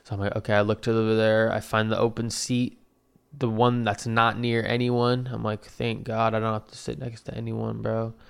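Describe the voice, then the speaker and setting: A man's voice: lowish voice, completely flat delivery, normal speed, creaky, clear, resonant tone. A man in his twenties casually telling a rambling, profane story about his own day, with self-deprecating asides.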